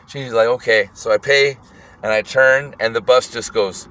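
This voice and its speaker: A man casually telling a wild story, animated and profane, often breaking into laughter. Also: medium pitch, normal speed, a little hiss or hum.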